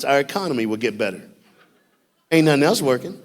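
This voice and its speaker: Male youth speaker, lively sermon storyteller, jumps from loud to hushed, long church reverb. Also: mid-range voice, brisk, a little hiss or hum. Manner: animated storytelling with jokes, shifting from loud bursts to hushed.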